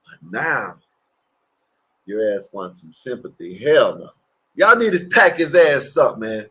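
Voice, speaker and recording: A man's voice: medium pitch, sing-song, takes it slowly, fairly bright tone, slightly rough. A man hosting a livestream, giving rambling, crude, mocking reactions to clips. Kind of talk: casual profane reaction commentary.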